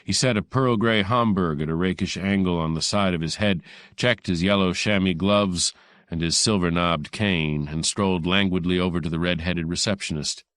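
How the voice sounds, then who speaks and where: Deep-voiced male audiobook narrator. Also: moderate pace, fairly bright tone, clear, resonant tone, no echo, studio quality. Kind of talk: first-person hardboiled narration.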